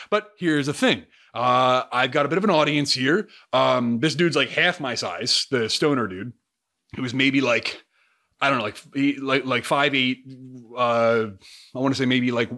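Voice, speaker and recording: A young man telling a story in a casual vlog, energetic and profane. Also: mid-range voice, unhurried. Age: young adult. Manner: energetic, profane, swings into loud outbursts. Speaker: YouTuber.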